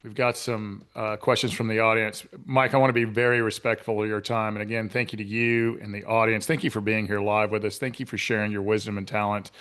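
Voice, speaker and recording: A man hosts a live interview, his voice bright and forceful. He gives short approving replies and moves the show briskly along to the next segment. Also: fairly low pitch, flat delivery, clear, resonant tone. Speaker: interview host.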